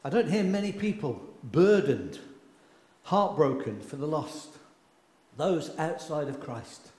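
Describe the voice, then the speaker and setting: A man preaching a sermon with passion, swinging from loud outbursts to hushed lines, recorded in a church. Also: a little high, sing-song, slow. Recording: echoey hall with long reverb.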